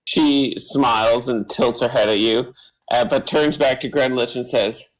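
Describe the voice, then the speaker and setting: A man narrating a tabletop game as game master, slow and full of fillers. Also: mid-range voice, steady tone, rough recording. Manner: slow, filler-heavy, meandering.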